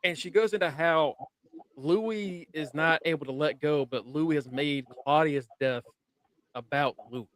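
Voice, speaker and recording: A man casually recapping a TV episode, animated, swearing and laughing as he retells scenes. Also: on the high side, measured pace, a little hiss or hum. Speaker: podcast co-host. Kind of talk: casual review chat.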